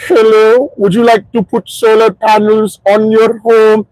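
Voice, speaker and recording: A pushy male scam caller on the phone, pitched well above the speaker's own voice and losing patience fast, as a man puts him on in a comedy bit. The sound is close and dry, with no room around it. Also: flat delivery, darkish tone, no room sound, low-quality recording. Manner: pushy, then exasperated and insulting.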